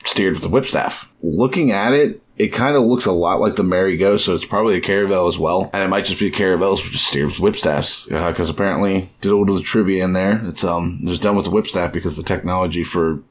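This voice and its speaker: Easygoing deep-voiced man chatting. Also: fast, hardly any pauses, a little hiss or hum. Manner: rambling, easygoing, acts out quotes from the story. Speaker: podcast co-host. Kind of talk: casual podcast chat.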